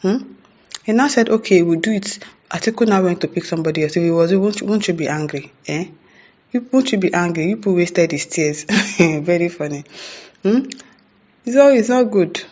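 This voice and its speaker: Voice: mid-range voice, expressive, moderate pace, long pauses, darkish tone, lo-fi sound. A commentator with a Nigerian accent giving casual news commentary. The commentator keeps asking rhetorical questions, adds "eh?" and "hmm?", and laughs between remarks.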